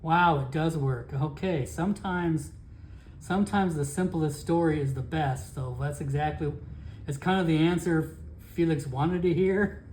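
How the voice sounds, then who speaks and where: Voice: medium pitch, unhurried, darkish tone, a little hiss or hum. A player narrating a solo tabletop game session, rambling casually with fillers and self-corrections.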